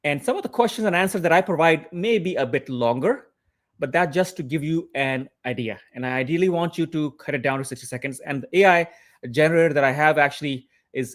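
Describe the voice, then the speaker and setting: A man coaching on interview preparation, his voice sitting a bit higher than most men's. He explains patiently and methodically, with frequent pauses and fillers, and spells out acronyms one letter at a time. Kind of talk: coaching livestream.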